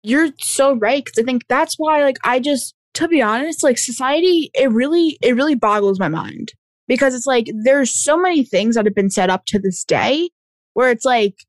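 A woman talking earnestly in a casual podcast chat, filling her talk with "like". Her voice sits fairly high. The sound is dry and close. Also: lively intonation, moderate pace, no room sound. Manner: earnest, lots of filler "like".

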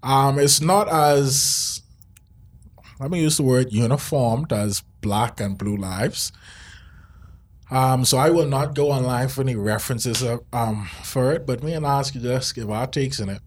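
Husky laid-back male podcast host. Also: medium pitch, unhurried. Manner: laid-back, rambling, joking. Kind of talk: casual podcast chat.

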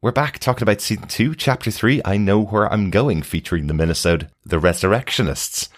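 A man's voice: on the low side, brisk. A man hosting a podcast in a chatty, casual way, laughing often. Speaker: podcast host.

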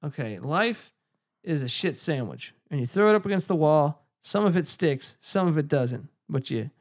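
A man's voice: a little high, lively intonation, normal speed. A man hosting a casual podcast, telling stories in a rambling, profane way with lots of fillers. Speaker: podcast host. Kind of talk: casual chat.

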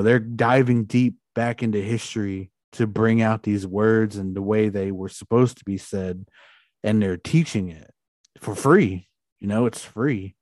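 A man talking in a relaxed, casual way, full of "you know" and "like" fillers. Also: lowish voice, dry recording, clean studio sound. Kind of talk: casual conversation.

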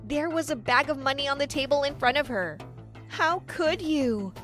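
High-voiced woman narrating a story. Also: fast talker, fairly bright tone, soft background music. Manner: dramatic storytelling, quotes voiced lightly. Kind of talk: first-person story narration.

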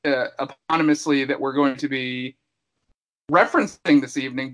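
A man's voice: a little high, fairly bright tone, low-quality recording. A man hosting a casual horror-movie podcast, talking in a playful, showman-like way that rambles and restarts. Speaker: podcast host. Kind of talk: casual podcast chat about a horror film.

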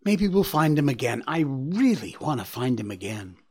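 A man's voice: medium pitch, sing-song, moderate pace, darkish tone, slightly rough. A man voicing an earnest young male deer who talks in a reassuring, determined way, in a storybook reading. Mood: eager.

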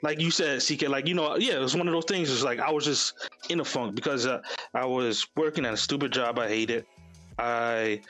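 A man's voice: medium pitch, a little fast, sharp tone. A young man hosting a casual chat, talking candidly and rambling with lots of fillers. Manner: candid, rambling, frequent "you know" and "like". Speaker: podcast host. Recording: faint music behind.

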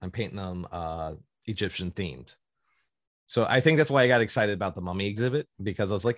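Male podcast host, low-pitched, rambling and eager, dry close recording. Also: fairly quick, no echo. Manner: rambling and enthusiastic, wanders off on tangents. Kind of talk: casual chat.

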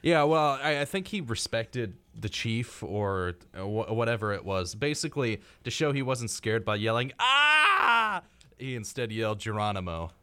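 A man's voice: fairly low pitch, moderate pace, hardly any pauses, clear, resonant tone, no room sound. A young man co-hosting a college radio show, chatting casually with plenty of fillers. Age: young adult. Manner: relaxed, lively, chatty with fillers. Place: radio studio. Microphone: studio microphone.

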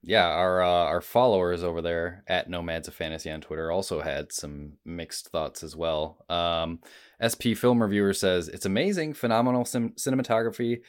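A man with a deep, low voice co-hosts a casual podcast. He speaks in a calm, matter-of-fact way. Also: normal speed, clean tone. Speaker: podcast co-host.

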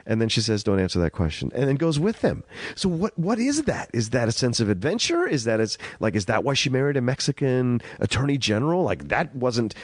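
A man co-hosting a film podcast, talking about a classic movie with quick enthusiasm. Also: medium pitch, big pitch swings, no echo, studio quality. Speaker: podcast co-host. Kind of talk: casual film discussion.

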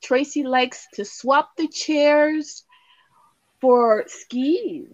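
A woman's voice: sits high, drawn-out words, no room sound, lo-fi sound. A woman co-hosting a podcast, chiming in with affirmations and reading out feel-good news stories. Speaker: podcast co-host. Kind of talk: casual chat and story reading.

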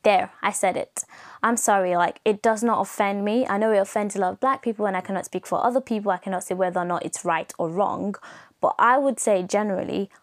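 A woman's voice: medium pitch, fairly quick. Young woman from Nigeria, solo podcast host; casual, rambling, filler-heavy delivery. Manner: chatty, rambling, full of "like" and self-corrections.

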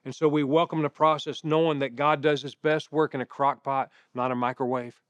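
A middle-aged pastor preaching a sermon in a conversational way, mixing scripture with personal stories. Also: male voice, on the high side, little pitch movement, brisk, clear, resonant tone, no echo, muffled recording.

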